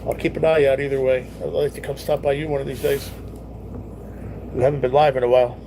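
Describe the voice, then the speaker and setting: Laid-back streamer, young man, gravelly, teasing, with faint hiss behind. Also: mid-range voice, level tone, fast, dark tone. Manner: laid-back, swears freely, teases viewers. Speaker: live-stream host reading viewer chat. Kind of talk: casual live-stream chat.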